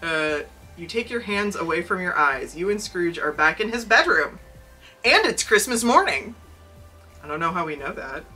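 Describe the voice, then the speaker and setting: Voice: mid-range voice, big pitch swings, moderate pace, sharp tone, husky, recorded from a distance, faint music behind. Wry podcaster reading a storybook. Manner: wry, laughing commentary. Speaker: podcast co-host. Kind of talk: reading a storybook aloud with joking asides.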